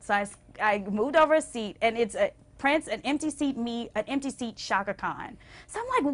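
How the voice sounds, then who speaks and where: A young adult woman singer telling stories as a TV interview guest, acting out quotes with big swings and going hushed when moved. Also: fairly quick. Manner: expressive, acts out quotes with big pitch swings. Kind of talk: animated storytelling in a TV interview. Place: TV station interview.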